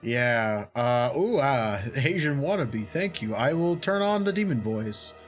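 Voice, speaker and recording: A man's voice: mid-range voice, lively intonation, unhurried, faint music behind. A man playing a tabletop game online, chatting casually in a laid-back, joking way. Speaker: player.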